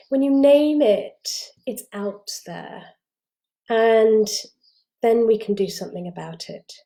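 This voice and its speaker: Soft-toned woman explaining calmly. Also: medium pitch. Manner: reassuring, repeats and restarts phrases. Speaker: parenting and wellbeing coach. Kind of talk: explanatory talk to camera.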